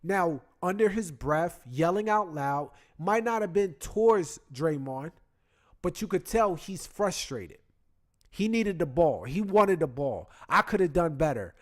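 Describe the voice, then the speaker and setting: A man with a fairly high voice hosts a casual sports chat. He tells the story in an animated, slangy way, talking into his computer mic. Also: slow.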